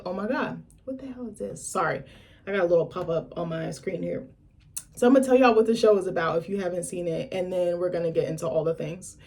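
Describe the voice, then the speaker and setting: A young adult woman chats straight to her viewers in a loose, blunt vlog style. She swears freely and drifts into lively asides, her voice sitting at an ordinary middle pitch. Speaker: vlogger. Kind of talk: casual chat to camera.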